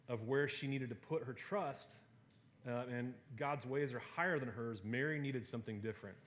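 A man preaching a sermon to a gathered audience, talking in a relaxed, conversational way with fillers and playful asides. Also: medium pitch.

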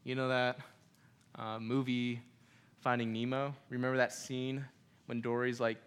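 Young male pastor, relaxed preaching, mid pitch, jokes with congregation. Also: a little slow, clean tone. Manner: conversational preaching with humor and asides. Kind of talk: sermon.

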